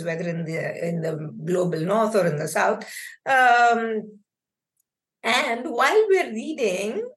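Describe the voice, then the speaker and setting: A woman speaks as an interview guest. She explains ideas carefully and pauses often with small fillers. Her voice sits at a middle pitch. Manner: measured, with frequent ums and uhs. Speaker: guest, Old Testament scholar. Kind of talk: thoughtful interview answer.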